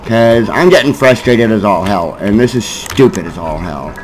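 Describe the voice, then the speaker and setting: A man giving gameplay commentary, frustrated and swearing at the game, with sudden yelled bursts. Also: lively intonation, normal speed, slight background noise, low-quality recording. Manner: yelling in sudden high bursts. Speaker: gaming YouTuber.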